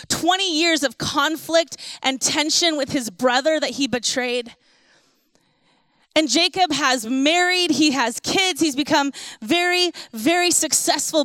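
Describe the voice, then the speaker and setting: A woman preaching a sermon, retelling a scripture story in a conversational way and slowing down for emphasis. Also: high voice, a bit bright, no echo.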